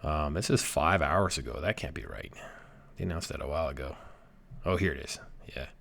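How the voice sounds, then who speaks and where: A man's voice: very deep voice, a little fast, gravelly, a bit bright. A man chatting casually about breweries, rambling with lots of fillers. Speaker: beer reviewer. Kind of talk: casual chat.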